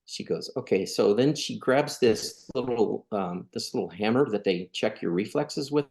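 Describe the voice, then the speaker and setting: A middle-aged man from California tells a personal story on a podcast. His voice sits low with a gravelly edge. He stays earnest and conversational and acts out what others said. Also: expressive, normal speed, a little mellow. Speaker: podcast guest. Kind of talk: storytelling in a casual interview.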